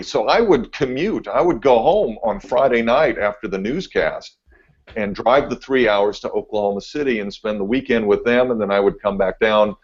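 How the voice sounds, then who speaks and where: Laid-back man telling a story. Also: medium pitch. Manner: laid-back, animated when telling stories. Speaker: TV meteorologist guest. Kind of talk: casual podcast storytelling. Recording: dull lo-fi audio.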